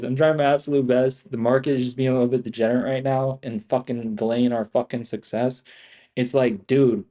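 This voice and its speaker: A man's voice: mid-range voice, warm tone. A young man live-streaming his stock trades, frustrated and swearing constantly, calling out "bro" and "dude" as he talks to viewers. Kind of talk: live trading commentary.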